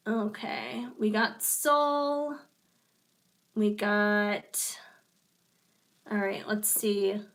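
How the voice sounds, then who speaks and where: Hoarse woman doing a live card reading. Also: medium pitch, a bit bright. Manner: chatty, reassuring, apologetic asides. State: hoarse, clearing her throat. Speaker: tarot reader.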